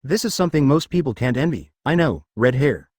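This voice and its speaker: A man's voice: medium pitch, animated, brisk, darkish tone, breathy edge, dry recording, studio quality. A synthetic male narrator voicing a cheerful, teasing young woman ninja medic in an audiobook. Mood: friendly.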